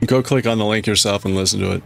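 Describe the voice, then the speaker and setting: A man's voice: on the low side, steady tone, fast talker, creaky, fairly bright tone, faint music behind. A man hosting a livestream, chatting casually and rambling with his viewers, often restarting his sentences. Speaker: livestream host. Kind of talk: casual chat with live chat.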